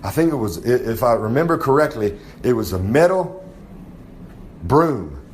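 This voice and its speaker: A man's voice: medium pitch, big pitch swings, normal speed, a little mellow. Male wrestler type, cocky drawling braggart, slight room noise. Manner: swaggering, rambling, drawling brag. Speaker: wrestler giving a comic segment. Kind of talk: boastful in-character monologue.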